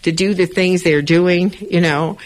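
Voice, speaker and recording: Woman, community radio host, animated, encouraging, chatty monologue from the studio. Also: lowish voice, measured pace. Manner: animated, self-affirming, chatty with listeners.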